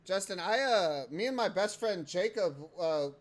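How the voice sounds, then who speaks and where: A young man hosting a casual livestream, swearing often and breaking into loud excited outbursts while he plays a game. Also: high-pitched, moderate pace. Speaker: livestream host.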